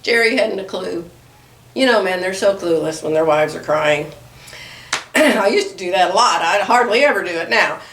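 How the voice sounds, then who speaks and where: A middle-aged woman vlogger chatting to her viewers about sewing, telling a story in an animated way and laughing often. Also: lowish voice, normal speed, recorded from a distance, a little hiss or hum. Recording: echoey room.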